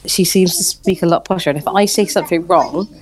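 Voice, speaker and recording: A woman's voice: lowish voice, brisk, darkish tone. A young woman with a Bristol accent, chatting in a rambling, friendly way as an interview guest over a remote call. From Bristol, England. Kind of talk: casual remote interview chat.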